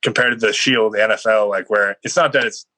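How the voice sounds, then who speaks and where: A young man with a bright, forceful voice tells stories in a loose, rambling way, filling his sentences with "like." The sound is dry and close, with no room around it. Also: lowish voice, brisk, no echo, rough recording. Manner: rambling, heavy on "like" fillers, animated storytelling. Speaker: guest football player. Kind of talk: casual podcast interview.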